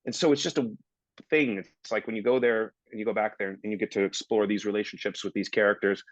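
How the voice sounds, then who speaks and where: A man's voice: fairly low pitch, steady tone, quick pace, no room sound, dull audio. A man in his thirties, a guest actor on a casual podcast, telling rambling stories and acting out his own past remarks.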